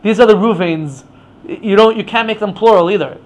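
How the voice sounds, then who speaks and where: A man's voice: sits high, a little fast. A man teaching an informal Torah class, explaining with many stammered restarts.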